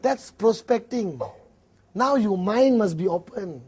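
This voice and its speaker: High-voiced Malaysian man coaching a seminar crowd. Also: takes it slowly. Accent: Malaysian English. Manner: animated, acts out dialogues, laughs often. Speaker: network marketing trainer. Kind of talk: motivational seminar talk.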